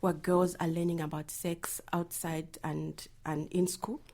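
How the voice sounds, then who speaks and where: A woman's voice: lowish voice, little pitch movement, measured pace, dark tone. A woman, an advocate answering interview questions earnestly, often trailing into a near whisper at the ends of phrases. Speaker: reproductive health advocate.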